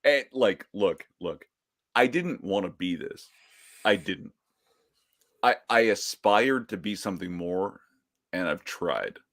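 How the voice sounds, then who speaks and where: A man with a lowish voice chats casually as a podcast co-host. He is wry and quick with a joke, and his talk is loose and offhand. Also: expressive, fairly bright tone. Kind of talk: casual chat.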